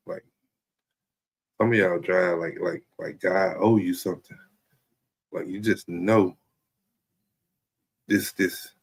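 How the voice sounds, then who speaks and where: A man with a gravelly, fry-edged voice riffs through a casual comedic monologue. His pitch sits a little low, and he keeps looping back with "you feel me" as he talks to his stream audience. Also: a bit bright. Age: adult. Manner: rambling, repeats "you know what I'm saying". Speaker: streamer host.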